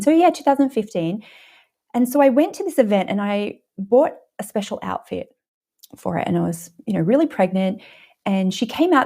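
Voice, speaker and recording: A woman in her thirties with an Australian accent, a podcast guest telling a story and acting out the people she quotes. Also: mid-range voice. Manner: animated, acts out quotes. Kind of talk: casual storytelling.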